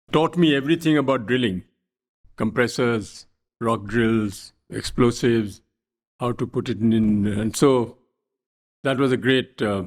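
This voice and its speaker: An older man from India, a guest telling wry stories in an unhurried, anecdotal way in an interview. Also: on the low side. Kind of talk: storytelling interview.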